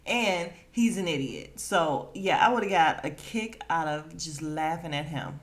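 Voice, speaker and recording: A woman's voice: deep voice, a little slow. Chatty, gossipy woman podcast host. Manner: chatty, gossipy, laughs often; acts out quotes in put-on voices. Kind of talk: casual reality-show recap.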